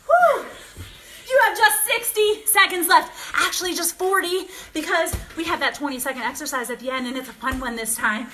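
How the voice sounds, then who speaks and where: A woman's voice: sits high, a little fast, few pauses, bright, forceful tone, reverberant, slight background noise. A woman instructor coaching a home kickboxing workout, calling out combos in an upbeat, encouraging way, getting out of breath. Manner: calls out combos, upbeat and encouraging, laughs often. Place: home workout space, dogs barking nearby.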